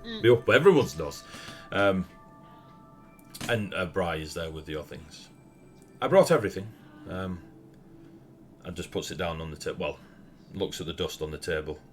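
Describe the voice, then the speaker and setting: A man's voice: low voice, normal speed, pauses often, faint music behind. A young man with a Northern English accent, narrating a tabletop game as game master in a laid-back, rambling way and laughing often.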